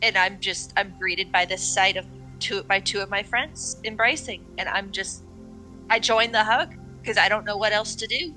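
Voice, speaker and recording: A woman's voice: mid-range voice, moderate pace, bright, forceful tone, faint music behind, rough recording. A woman playing a tabletop game, describing her character's actions with a hesitant, restarting manner. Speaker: player. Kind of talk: casual tabletop role-play.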